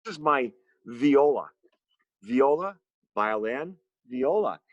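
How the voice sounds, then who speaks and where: A man teaching a music lesson to his students from home, explaining slowly and simply and asking them questions. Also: mid-range voice, lo-fi sound, a little hiss or hum. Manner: slow, simple explanations with lively questions to children. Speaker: special education music teacher.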